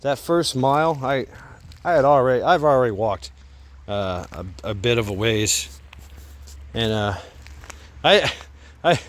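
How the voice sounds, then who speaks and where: A man's voice: medium pitch, unhurried, pauses often. A man out of breath, chatting casually and laughing at himself as he records a vlog on his phone while walking outdoors by a creek. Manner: laid-back, rambling, laughs at himself. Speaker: vlogger. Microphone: phone held while walking.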